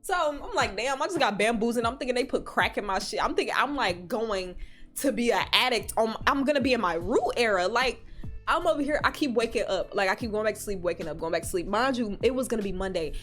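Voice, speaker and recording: A young woman with a fairly high voice tells a casual storytime for her vlog. She is animated and swears freely, and her voice leaps up high when she acts out scenes. Faint music plays under her. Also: quick pace. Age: young adult. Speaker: vlogger.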